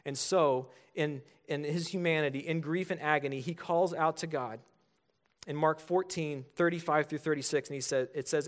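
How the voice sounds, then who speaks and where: Man, 30s, pastor delivering a sermon; higher-pitched, earnest. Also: fairly even intonation, normal speed. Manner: earnest preaching, rising to emphatic calls.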